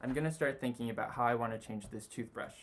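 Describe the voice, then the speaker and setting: A man teaching sketching, talking through a drawing as he makes it, relaxed and full of "you know" fillers. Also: medium pitch, quick pace. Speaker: design tutor. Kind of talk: sketching demonstration.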